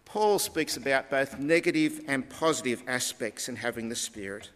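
A man preaching a sermon in a measured teaching tone with deliberate emphasis. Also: medium pitch, fairly bright tone. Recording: long reverb of a large hall.

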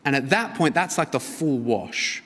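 Earnest preacher in an echoing hall. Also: male voice, medium pitch, unhurried, slightly rough. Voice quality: earnest, expressive, swings between emphatic and hushed. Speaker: pastor. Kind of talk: sermon. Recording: reverberant hall.

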